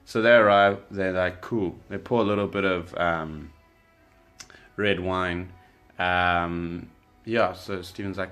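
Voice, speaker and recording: A young South African man casually telling a story, relaxed and rambling, with lots of fillers and restarts. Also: deep voice, slow pace, soft background music. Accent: South African English. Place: indoors by candlelight.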